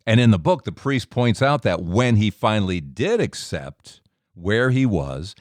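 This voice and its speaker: Animated storytelling man, lively pitch. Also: a little slow, dry recording, studio quality. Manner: animated, acts out dialogue with big pitch jumps. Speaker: podcast host. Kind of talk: storytelling monologue.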